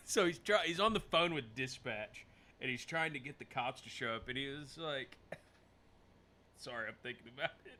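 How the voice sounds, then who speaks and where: A man's voice: medium pitch, lively intonation, moderate pace, long pauses, sharp tone. A man co-hosting a casual movie podcast, retelling scenes and laughing as he goes. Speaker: podcast co-host.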